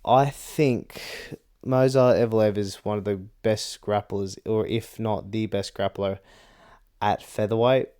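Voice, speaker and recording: A young man delivers casual fight predictions in a blunt, rambling way, swearing freely and filling his talk with "like" and "bro". His voice sits a little low, smooth and clear. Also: steady tone, slow pace, dark tone.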